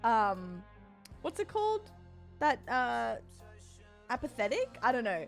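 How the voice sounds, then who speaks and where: Bubbly aussie girl streamer yapping to chat, kinda high voice, faint music behind. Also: sing-song, gravelly. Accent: Australian. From Australia. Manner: bubbly and chatty, quick swings up in pitch. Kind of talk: casual chat with viewers.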